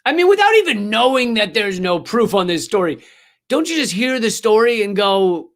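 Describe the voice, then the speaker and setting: A man hosting a comedy news show, delivering a sarcastic, profane rant with sudden swings in pitch and mock voices. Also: big pitch swings, moderate pace, a bit bright.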